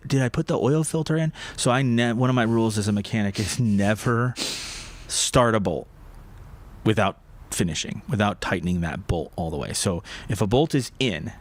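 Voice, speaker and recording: A man co-hosting a casual livestream from a motorcycle shop showroom, rambling and self-correcting, laughing easily. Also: on the low side.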